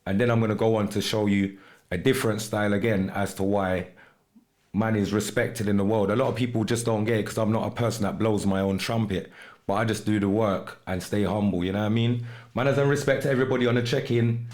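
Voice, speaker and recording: A man's voice: on the low side, steady tone, fast talker, darkish tone. A man hosting a podcast about his music, talking casually and slipping into patois phrases. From United Kingdom. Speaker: podcast host and music artist.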